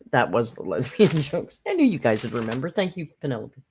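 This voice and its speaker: A woman's voice: sits low, sing-song, moderate pace, a little mellow, a little hiss or hum. A woman hosting a casual live reaction stream, snarky and profane, rambling with fillers, close to her mic. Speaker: commentary channel host. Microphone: close desk mic.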